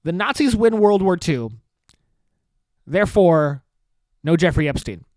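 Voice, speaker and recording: A man's voice: sits high, lively intonation, measured pace, a little mellow, dry recording. A man hosting a comedy podcast, ranting in a profane, sarcastic and rambling way, often cutting himself off. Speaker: podcast host.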